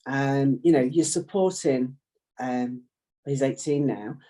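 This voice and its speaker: A weary, heartfelt woman talks as a podcast guest. Her voice is low and mellow, dark in tone. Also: takes it slowly. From Derbyshire, England. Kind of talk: personal interview.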